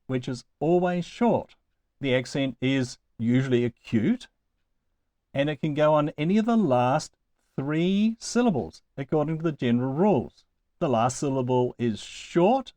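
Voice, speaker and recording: A man's voice: medium pitch, mellow, no room sound. Patient man teaching a language lesson. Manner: patient, explains step by step, dry jokes. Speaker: Greek teacher. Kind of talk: recorded lesson.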